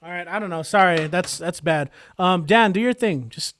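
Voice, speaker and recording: A man's voice: high-pitched, moderate pace, fairly bright tone, faint music behind. A man hosting a livestreamed open mic from home over a computer mic, performing rhythmic spoken word poetry full of wordplay and then teasing a guest in casual talk. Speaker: open mic host and poet.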